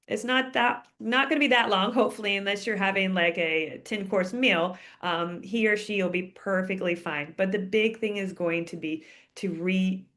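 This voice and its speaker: Fielding viewer questions in a relaxed advice session, this female vet speaks with a lowish, somewhat bright voice. Her manner is chatty, and she frequently tags "okay?" onto the end of sentences.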